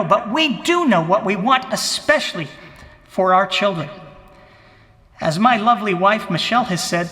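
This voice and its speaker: A man's voice: sits high, sharp tone, big-room sound. A man playing a pompous, blustering male president who declaims a grand inaugural speech in a comic impression.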